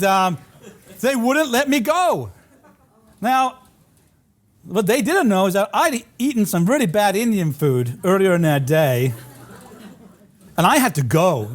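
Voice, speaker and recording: Animated, high-pitched lecturing man. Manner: animated anecdotes with audience laughter. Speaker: college geography professor giving a lecture. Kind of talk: storytelling lecture with slides. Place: lecture hall.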